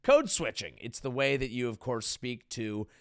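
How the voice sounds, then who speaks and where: Male comic host, sarcastic rant, gravelly and lively. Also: mid-range voice, normal speed. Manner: sarcastic, mocking, lively riffing. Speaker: comedian and host. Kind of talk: comedic podcast rant.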